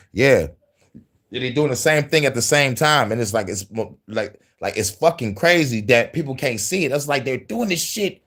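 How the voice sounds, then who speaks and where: A man hosting a casual news-commentary livestream, profane and heated, laughing often between angry riffs. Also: low-pitched.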